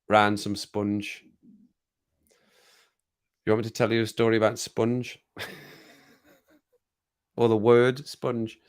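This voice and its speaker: A man hosting a casual livestream chat, rambling through stories and laughing often. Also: on the low side. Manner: chatty, rambling storyteller who laughs often. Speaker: livestream host. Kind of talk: casual chat with viewers over a drink.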